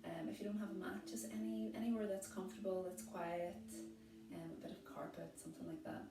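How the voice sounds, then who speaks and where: A woman gently guides a yoga class in a calm, reassuring voice, speaking at an even middle pitch. She sounds set back from the microphone in a roomy space, with loud guitar music playing behind her. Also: a little fast, distant mic. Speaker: yoga instructor.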